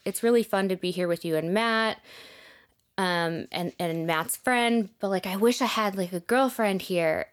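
A young woman telling a personal story in casual conversation, full of fillers and dropping softer when reflective. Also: fairly low pitch. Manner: chatty, many fillers like "like", dips to soft reflective tones. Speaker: podcast guest telling her story.

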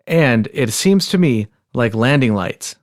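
A man reading a pilot's radio calls from a transcript in a measured, plain way. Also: medium pitch, expressive, dry recording, studio quality, natural voice. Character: calm adult male pilot on the radio.

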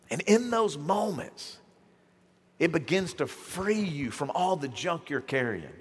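A man preaching a sermon as pastor, casual and animated, slipping into slang and acting out the voices of people in his stories. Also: fairly high pitch, measured pace, slightly rough. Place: church hall. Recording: church hall with long reverb.

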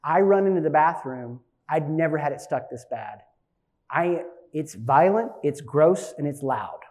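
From the pulpit, a pastor in his forties with a fairly high voice weaves personal stories into his sermon. He speaks unhurriedly and with animated energy, swinging between loud, punchy bursts and hushed asides.

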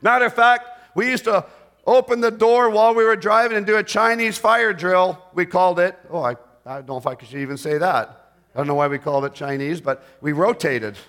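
High, bright-voiced older preacher. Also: male voice. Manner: swings from hushed prayer to loud, fast storytelling. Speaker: pastor. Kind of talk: sermon.

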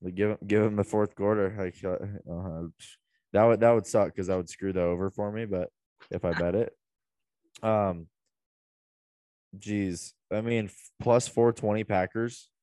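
A man's voice: lowish voice, steady tone, measured pace, dark tone, dry recording. A man in a casual sports betting chat, hesitant and full of fillers, swearing casually. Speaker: podcast co-host.

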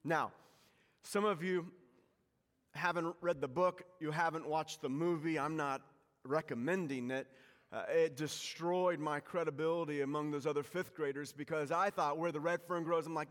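A pastor giving a sermon in a church, telling stories with self-mocking humor, shifting from loud to hushed. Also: male voice, fairly high pitch, moderate pace, long reverb tail. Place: church sanctuary.

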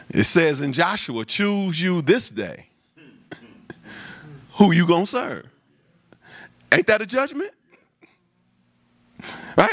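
Animated, bright-voiced male preacher. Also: high voice, extremely slow, long pauses, dry recording. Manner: lively preaching with repetition and call-and-response. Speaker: pastor. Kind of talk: sermon.

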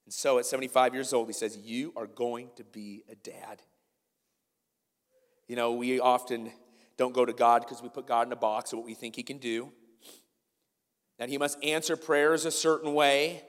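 Animated man preaching in a reverberant hall. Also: mid-range voice, a little fast. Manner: animated, swings between loud emphasis and quiet asides. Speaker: pastor. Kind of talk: sermon.

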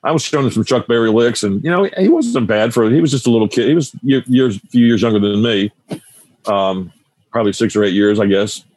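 A man's voice: medium pitch, fast, darkish tone, a little hiss or hum. A man in his sixties, a guitar teacher and radio broadcaster, telling stories in a casual interview, rambling and often restarting his sentences.

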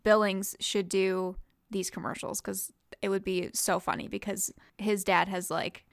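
A woman co-hosting a podcast in relaxed casual chat, with lots of "like" fillers. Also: mid-range voice, measured pace, vocal fry, no echo, studio quality. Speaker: podcast co-host.

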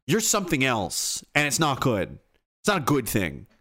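A man from Atlantic Canada, hosting a livestream and reading chat messages. He rants with plenty of swearing, swinging between near shouting and low muttering. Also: huge pitch swings, moderate pace. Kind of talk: angry ranting livestream talk.

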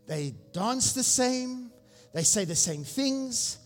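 A senior pastor preaching a sermon, exhorting the congregation and asking them questions. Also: male voice, extremely high pitch, animated, slow pace. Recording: long reverb with faint music.

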